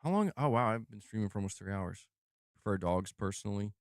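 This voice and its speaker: A man's voice: fairly low pitch, lively intonation, quick pace, no room sound, studio quality. A man streaming live, commenting on gaming news in a casual, slang-heavy, profane way. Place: home room.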